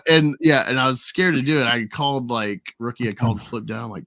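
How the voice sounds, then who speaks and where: Bright-voiced rambling man, casual chat. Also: medium pitch, brisk, hardly any pauses, dry recording. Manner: rambling, laughs often.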